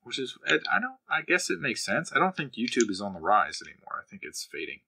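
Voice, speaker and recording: A man's voice: mid-range voice, wildly swooping pitch, quick pace, vocal fry, pushed and bright, a little hiss or hum. A man co-hosting a podcast, talking casually with dry humor. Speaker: podcast co-host. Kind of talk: casual chat.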